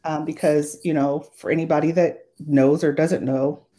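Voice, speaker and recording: A woman co-hosting a podcast, chatting in a relaxed, easygoing way and laughing easily. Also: low-pitched, normal speed. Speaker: podcast co-host. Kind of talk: casual chat.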